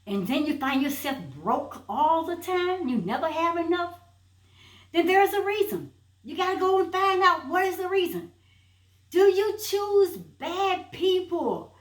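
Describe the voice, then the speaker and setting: Woman, motivational preacher, high voice, rhetorical questions, roomy echo. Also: lively intonation, unhurried. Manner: repetitive rhetorical questions, emphatic. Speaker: inspirational speaker.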